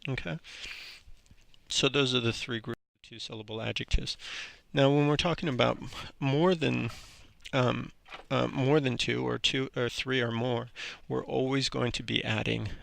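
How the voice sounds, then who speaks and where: A man teaching an English grammar lesson in a relaxed, halting way, with frequent ums and restarts. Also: medium pitch, creaky, dry recording.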